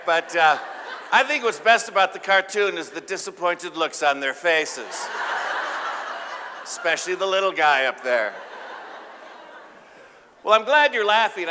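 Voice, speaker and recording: A man's voice: high-pitched, bright, forceful tone. Man, keynote speaker, joking with the audience, ringing hall reverb, faint room noise. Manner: playful, joking, drives audience interaction. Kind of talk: live keynote talk. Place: large event hall with audience.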